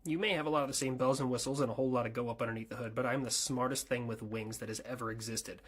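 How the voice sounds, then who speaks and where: A man doing a brash, swaggering fighter jet with a husky edge. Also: mid-range voice, steady tone, very fast, fairly bright tone. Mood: boastful. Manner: cocky, boastful drawl. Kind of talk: comedy skit voice acting.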